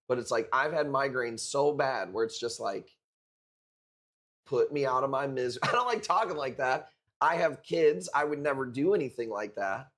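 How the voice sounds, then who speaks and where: A man's voice: mid-range voice, a bit bright. A man in his forties chatting casually on a live stream as a coral seller, laid-back and profane, calling people dude and bro. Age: 40s.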